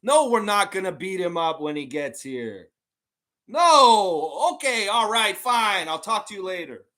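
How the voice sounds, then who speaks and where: A man doing a pushy fan with a put-on Philly accent, wheedling and begging a front office for a trade. The voice sits well above his usual pitch and comes out loud, swinging up and down as he haggles. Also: very animated, a little slow, heavily acted. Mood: pleading, wheedling.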